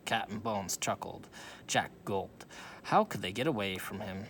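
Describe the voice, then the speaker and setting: A man's voice: fairly low pitch, animated, moderate pace, fairly bright tone, a little hiss or hum. A man reading a children's storybook aloud, with small slips he corrects as he goes. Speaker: reader.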